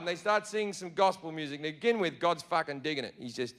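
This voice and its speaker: A man's voice: on the high side, expressive, fast, a bit bright, a little hiss or hum. A male comedian performing a profane, sardonic stand-up story. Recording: live club with long reverb and crowd.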